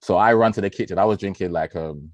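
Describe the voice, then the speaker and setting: Brief: low-pitched man, podcast co-host, excitable slangy football talk, dry close-miked sound. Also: quick pace, no echo, dull audio. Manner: animated, slangy, swears freely, laughs often. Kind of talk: casual football chat.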